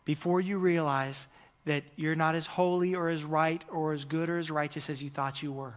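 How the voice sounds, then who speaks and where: A man, a pastor preaching a conversational sermon, swinging between loud emphasis and hushed moments. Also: fairly high pitch, fairly even intonation, moderate pace, big-room sound.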